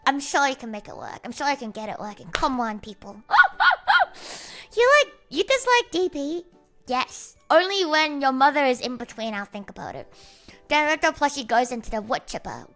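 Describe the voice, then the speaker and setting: A woman's voice: sits high, animated, a little fast, a bit bright, faint music behind. A young woman chatting casually on a livestream, rambling, swearing freely and joking with her viewers.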